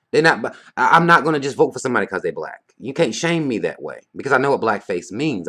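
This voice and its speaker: A man rants bluntly to camera in a vlog, heated and profane, firing off rhetorical questions. His voice is medium in pitch with a fairly bright tone.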